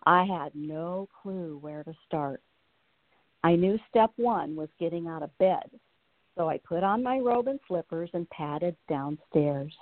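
A woman's voice: fairly low pitch, expressive, a little slow, no echo. A woman in her late fifties, a guest on the show, earnestly reading her personal story aloud and then chatting about it. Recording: tinny phone line.

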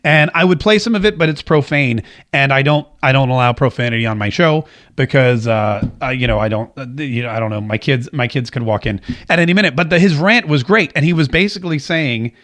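A man with a notably high voice hosts a casual commentary show from home. He talks in a chatty, rambling way, reading out viewer comments and dropping sarcastic asides. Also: quick pace, a bit bright. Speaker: show host.

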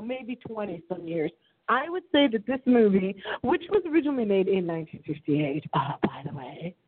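A middle-aged woman hosting her internet radio show alone, talking in a theatrical, dramatic way with big swings in pitch. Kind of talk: solo radio show monologue. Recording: phone-line audio.

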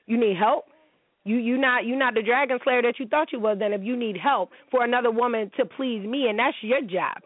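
A woman's voice: on the high side, brisk, no room sound. Woman in her 40s, cussing and ranting on her show, dry sound, no room. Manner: blunt, profane, ranting. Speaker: show host. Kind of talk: casual monologue commentary. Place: at home. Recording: tinny phone-like line, dry.

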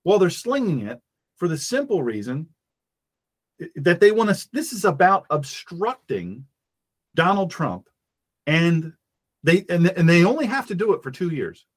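Fiery talk radio host. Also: male voice, high voice, very animated, a little slow, long pauses, slightly rough. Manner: impassioned, preachy, acts out little scenes in different voices.

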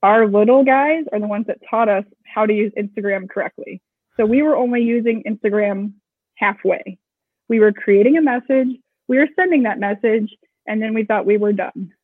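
A woman co-founder of a screen printing shop, talking briskly and casually in an interview, with joking asides. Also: medium pitch, dry recording. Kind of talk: casual explanatory interview talk. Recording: tinny phone-like audio, dry.

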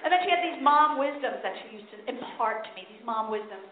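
Woman stand-up comic, high-pitched, punchy, self-mocking, tinny phone-like sound, echoey room. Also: expressive, a little fast. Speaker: stand-up comedian. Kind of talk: stand-up comedy set. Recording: echoey tinny live recording with noise.

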